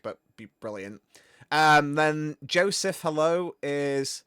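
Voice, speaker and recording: A man hosting a game stream, chatting casually in a rambling, animated way. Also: mid-range voice, smooth, no echo, studio quality. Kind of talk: casual chat.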